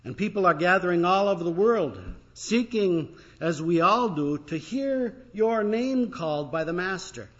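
A pastor preaching an Easter sermon, retelling a story in a conversational way with pauses and fillers. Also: male voice, high voice, expressive, fairly bright tone, muffled recording. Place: church.

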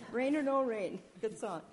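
A woman reading scripture aloud at a church service, measured, with small slips and restarts. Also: a little high, darkish tone, a little hiss or hum. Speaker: lector.

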